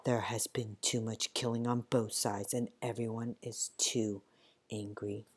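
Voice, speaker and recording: A woman reading a first-person storybook in a measured voice that sinks quietly at grim moments. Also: very deep voice. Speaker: audiobook reader.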